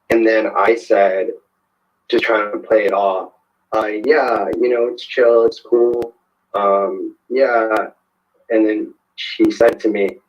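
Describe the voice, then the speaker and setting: Slow, hesitant man with a dull, lo-fi sound. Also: fairly low pitch, level tone. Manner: hesitant, many fillers and restarts. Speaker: guest telling a personal experience. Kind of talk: conversational storytelling.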